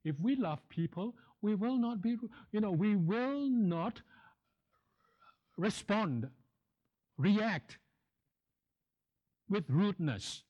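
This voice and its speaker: Slow, emphatic male preacher. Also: high voice, lively intonation, dark tone, dull audio. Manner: emphatic, repeats key phrases. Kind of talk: sermon.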